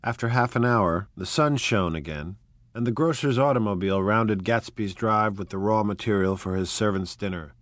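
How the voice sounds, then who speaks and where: A man narrating an audiobook in a measured, even, unhurried reading. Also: fairly low pitch, no room sound. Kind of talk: scripted narration.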